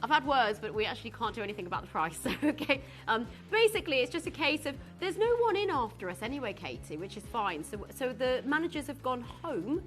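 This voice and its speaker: A woman presenting live on a shopping channel from a TV studio, bubbly and giggly, with chatty asides between product pitches. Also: sing-song, fast talker, hardly any pauses, soft background music.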